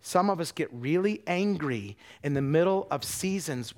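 Preaching in a slightly high voice, a middle-aged man who travels to preach delivers an animated sermon. He alternates between tender quiet and loud passages, restarting his words many times.

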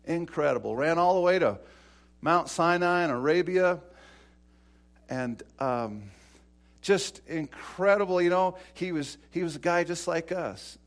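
A man preaching an informal sermon, retelling Bible stories in an animated way with many fillers and restarts. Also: on the high side, a little slow.

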